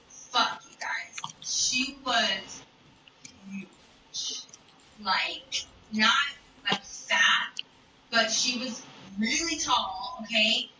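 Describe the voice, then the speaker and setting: A woman's voice: a little high, background noise. A young woman streaming from home, telling a story bluntly and profanely, sometimes dropping to a whisper. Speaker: live streamer. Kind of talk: storytime monologue. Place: home room. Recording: roomy distant mic with video audio behind. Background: a video playing in another room.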